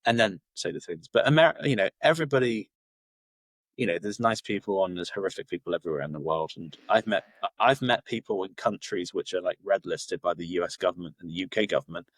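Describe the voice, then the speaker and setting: Low-voiced man, rambling chat. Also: fast talker, fairly bright tone, no echo. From Cornwall, England. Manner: rambling, many fillers and restarts. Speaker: podcast guest. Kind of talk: casual interview chat.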